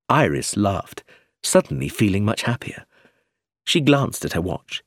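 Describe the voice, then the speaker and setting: Male audiobook narrator, low voice, husky, very lively intonation. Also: measured pace, no room sound, studio quality.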